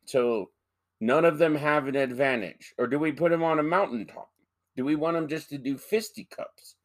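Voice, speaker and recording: A man's voice: fairly high pitch, normal speed. A man co-hosting a podcast, arguing animatedly in casual, profanity-laced banter. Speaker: podcast co-host.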